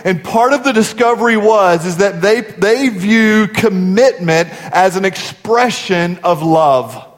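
A pastor in his forties, his voice sitting high, speaks slowly under long hall reverb. His sermon is earnest and conversational, delivered as storytelling.

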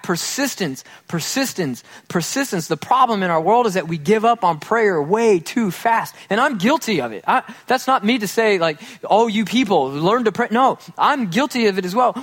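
Speaking to his congregation in a casual, joking sermon, a pastor acts out small quoted scenes. His voice sits high with a fairly bright tone.

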